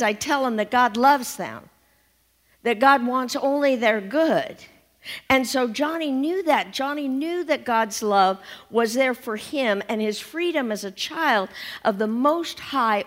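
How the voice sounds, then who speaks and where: A woman minister preaches to her congregation in a storytelling way, slightly high-pitched. Her voice rings with a long reverb from the church hall around her. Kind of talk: sermon.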